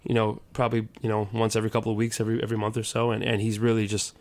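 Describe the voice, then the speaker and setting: A man's voice: on the low side, monotone, rapid-fire, a little mellow. A man, a soul singer, chatting casually in an interview, rambling with lots of restarts and fillers. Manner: rambling, many restarts and "you know". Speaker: soul singer and guitarist, guest.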